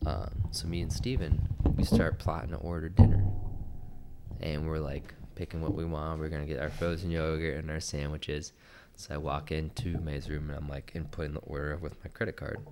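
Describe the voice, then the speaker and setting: A young man with a very low voice tells a story on a casual podcast. He talks in an animated way, acting out the other people's lines as he goes. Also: moderate pace, background noise. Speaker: podcast co-host.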